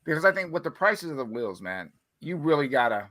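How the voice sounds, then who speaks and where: A man's voice: fairly high pitch, very animated, brisk, bright, forceful tone. A man co-hosting a casual livestream, laid-back and joking, talking directly to viewers. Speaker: livestream co-host.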